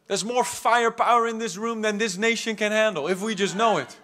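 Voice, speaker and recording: A man preaching a charismatic sermon in a church hall, his voice sitting unusually high. He swings from loud, fervent exhortation to quiet asides, and his tone rings bright and forceful through a stage mic. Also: fairly quick, few pauses. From South Africa. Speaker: pastor.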